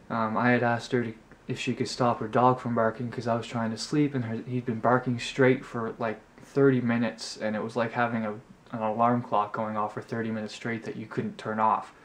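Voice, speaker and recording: A young man telling a story to his camera from his apartment, chatty and exasperated, rambling through the details. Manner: chatty, rambling, exasperated, mimics others in a high voice. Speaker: vlogger. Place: apartment room at night. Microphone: camera mic.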